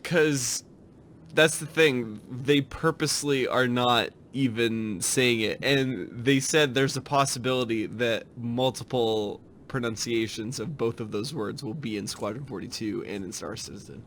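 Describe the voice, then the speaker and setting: A man's voice: mid-range voice, unhurried, fairly bright tone, a little hiss or hum. Joking man on a casual podcast. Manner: joking, asks the others questions. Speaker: podcast co-host. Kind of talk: casual gaming podcast chat.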